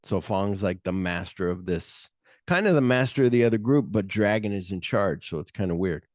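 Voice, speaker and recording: A man's voice: on the low side, expressive, normal speed, darkish tone, dry recording, studio quality. A man co-hosting a podcast, recapping a movie in casual profane chat and acting out the scenes in quoted voices. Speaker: podcast co-host.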